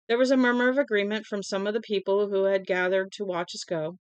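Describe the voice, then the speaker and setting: A woman reading a novel aloud in a plain, unhurried way, with small slips, into a close mic at home. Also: medium pitch, steady tone, clear, resonant tone, dry recording. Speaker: audiobook reader.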